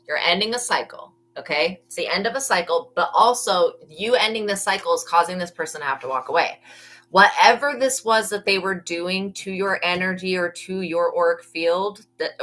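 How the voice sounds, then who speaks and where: Woman, low voice, host of a live tarot reading, chatty and rambling, restarts often. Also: fairly bright tone, poor audio. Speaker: tarot reader.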